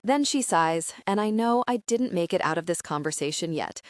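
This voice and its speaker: A woman's voice: fairly low pitch, animated, normal speed, no room sound, studio quality. A woman narrating a first-person romance audiobook in a wry, self-deprecating way.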